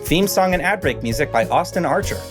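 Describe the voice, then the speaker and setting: A man's voice: a little high, expressive, a little fast, over music. A man hosting a podcast, reading the outro and credits with wry, self-mocking asides. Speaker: podcast host. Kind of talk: scripted outro narration.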